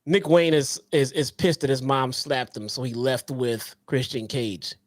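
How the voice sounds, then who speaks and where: A man co-hosting a casual podcast, relaxed and slangy. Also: mid-range voice, a little slow, no room sound, clean studio sound. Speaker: podcast co-host.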